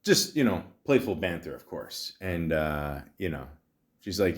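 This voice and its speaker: A man's voice: sits low, sing-song, unhurried. A man in his forties hosting a podcast, telling a rambling, wry story in a casual monologue full of fillers and restarts. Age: 40s. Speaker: podcast host.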